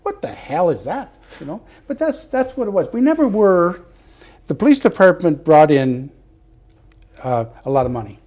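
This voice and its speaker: An older man from Canada, a retired fire captain, telling stories as a guest in an interview, acting out the dialogue with loud animated bursts. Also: sits high, normal speed. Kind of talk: anecdotal interview storytelling. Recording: television studio interview.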